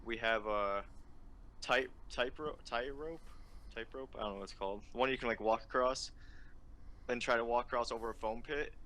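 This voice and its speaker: A man in relaxed casual chat, asking questions and comparing prices. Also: mid-range voice, normal speed. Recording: faint background noise.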